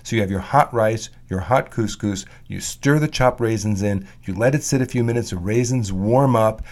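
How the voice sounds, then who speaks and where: A man's voice: lowish voice, moderate pace, a little mellow. A man co-hosting a cooking talk show, giving practical, matter-of-fact kitchen tips. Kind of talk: casual cooking chat.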